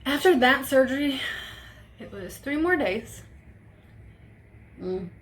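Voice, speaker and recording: A woman's voice: high-pitched, lively intonation, slow pace, slight background noise. A young woman telling a personal story on a vlog, casual and profane, with emotion in her voice. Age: young adult. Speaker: vlogger.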